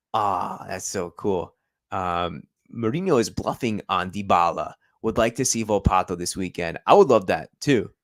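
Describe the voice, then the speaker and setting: A man's voice: lowish voice, no echo. A young man hosting a football stream, chatting casually and rambling with many fillers. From United States. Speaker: football channel host. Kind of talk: casual live-stream chat.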